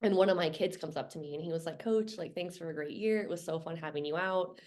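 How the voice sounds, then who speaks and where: A woman's voice: fairly low pitch, fast, darkish tone. A woman co-hosting a podcast, chatting casually and laughing easily. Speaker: podcast co-host, former coach. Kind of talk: casual chat.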